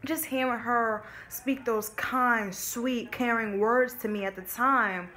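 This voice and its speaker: A woman's voice: a little high, steady tone, takes it slowly, bright, forceful tone, slight background noise. A young woman telling a personal story to her viewers in a casual vlog, candid and emotional, swearing freely and calling them her babies. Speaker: vlogger.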